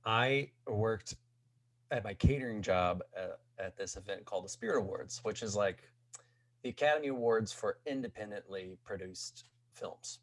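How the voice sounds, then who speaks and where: A man's voice: lowish voice, moderate pace. A young man from Missouri, a podcast guest telling a casual story, rambling with many "like"s and "um"s. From Missouri, USA. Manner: rambling, peppers speech with "like" and "um".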